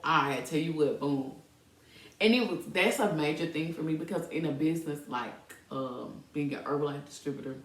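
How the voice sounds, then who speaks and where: A woman with a fairly low voice tells a personal story in a loose, animated way, speaking straight to her listeners. She laughs easily and shifts her tone often. Her voice carries a roomy echo, picked up by a mic set some distance away. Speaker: podcast host. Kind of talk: casual storytelling to the audience.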